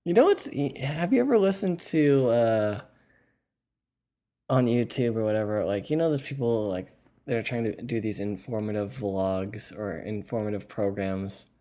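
A man's voice: on the low side, measured pace, mellow. A man hosting a casual podcast. He rambles and rants, swears freely, and keeps the talk loose. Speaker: podcast host. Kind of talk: casual chat.

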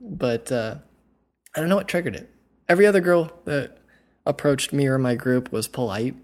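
A man's voice: mid-range voice, normal speed, darkish tone. Rambling young man telling a story. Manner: rambling, lots of "like" and "you know". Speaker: podcast host. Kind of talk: casual storytelling chat.

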